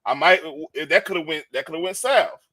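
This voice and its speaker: Bright-voiced man telling a rambling story. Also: a little high, lively intonation, brisk, breathy edge. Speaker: podcast co-host. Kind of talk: casual storytelling.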